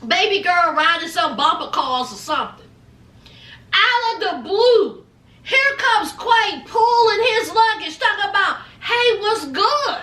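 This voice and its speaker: A woman's voice: very high voice, expressive, pushed and bright, echoey room, recorded from a distance. A woman giving a casual, chatty recap of a reality show, laughing often and acting out the cast's lines. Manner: chatty, laughing, acts out the cast in quick quoted voices.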